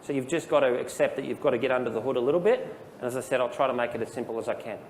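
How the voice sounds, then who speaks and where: A man giving a casual, explanatory software training presentation to a live audience in a room. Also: mid-range voice, racing, big-room sound, slight background noise. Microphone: handheld dictation microphone.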